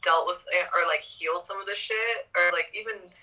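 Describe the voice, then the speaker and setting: A woman guest in a casual chat, animated and swearing, laughing at her own troubles. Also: on the low side, normal speed, far from the mic, low-quality recording.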